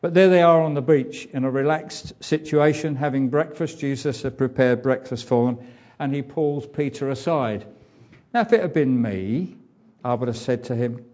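A man preaching a sermon, talking through scripture in an easy, conversational manner with the odd "um". His voice is mellow and soft-edged, mid-pitched. The recording is dull and lo-fi. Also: normal speed. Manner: conversational preaching with fillers and asides.

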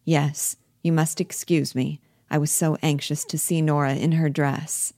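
A woman reading the part of a sober, firm woman friend, quiet and plain-spoken, in a low, dry voice. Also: little pitch movement, a little slow, no room sound. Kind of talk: reading a play aloud.

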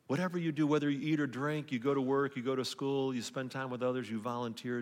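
A pastor giving a conversational sermon that often restarts its phrases, then leading a closing prayer. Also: male voice, mid-range voice, fairly even intonation, fairly quick, few pauses. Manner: conversational preaching with repeated restarts. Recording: long reverb of a hall.

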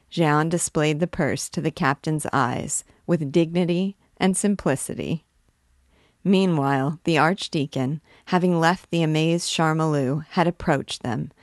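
A woman, a literature teacher, reading a classic novel aloud in a clear, expressive way. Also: low voice, no room sound, studio quality.

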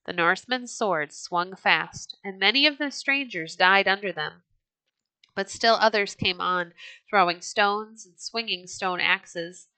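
A woman reading a children's storybook aloud as a podcast storyteller, measured and expressive. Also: medium pitch, clean tone, dry recording.

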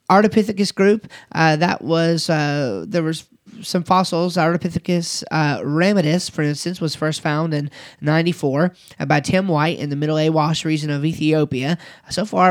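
A man's voice: on the high side, dry recording, studio quality. A man teaching a recorded lesson, speaking conversationally with frequent fillers and restarts. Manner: conversational, with fillers and occasional laughs. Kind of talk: recorded lecture.

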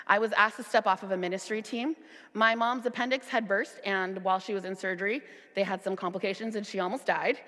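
A young woman delivers a sermon woven with her own testimony, speaking earnestly and climbing into emphatic, high-pitched bursts when she retells her arguments. Her voice sits in a middle pitch for a woman. It rings out with a long reverb, as if spoken in a large hall. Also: a bit bright. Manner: earnest, rising to emphatic high peaks in retold dialogue. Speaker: worship leader.

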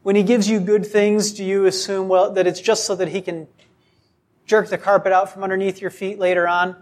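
A man preaching a sermon, speaking deliberately with frequent rhetorical questions and acted-out quotes. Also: sits high, flat delivery.

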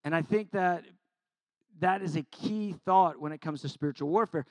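A middle-aged man giving an informal sermon as a Bible teacher. He talks in an animated, conversational way, acting out quotes with self-deprecating humor. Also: a little high, moderate pace, no room sound.

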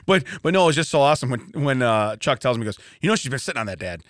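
A middle-aged man co-hosts a podcast from a studio, telling stories in a casual chat and laughing often. His medium-pitched voice races along, animated, with studio-quality sound and no room echo.

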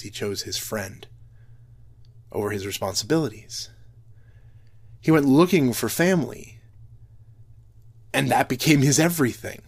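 Earnest man giving a reflective talk. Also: medium pitch. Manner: earnest and reflective, with frequent restarts. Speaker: speaker. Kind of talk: personal talk to an audience.

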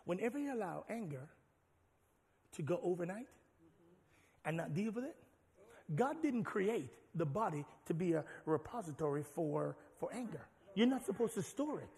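A man preaching a sermon as pastor, animated and rising to shouts. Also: high-pitched, moderate pace. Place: large church hall. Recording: long hall reverb.

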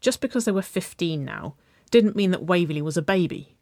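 A woman narrating a children's-style story, reading aloud with a gentle, even delivery. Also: lowish voice, fairly quick, no room sound, clean studio sound.

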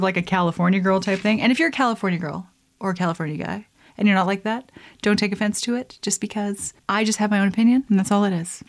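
A chatty young woman talks casually to the camera as she mixes a drink. She is playful, laughs often and drifts into offhand asides. Her pitch sits in the middle range for a woman. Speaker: vlogger. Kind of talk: casual chat while mixing a drink.

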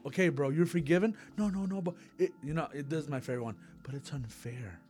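Guy chatting about faith, kinda high voice, acts out little quotes, faint music under it. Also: fast talker, a little mellow. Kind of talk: casual faith talk.

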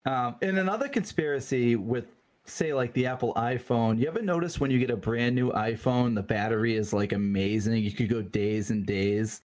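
A man's voice: mid-range voice, normal speed, darkish tone. A man hosting a podcast in easygoing casual chat, rambling loosely through his points. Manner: easygoing, rambling, laughs easily. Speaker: podcast host.

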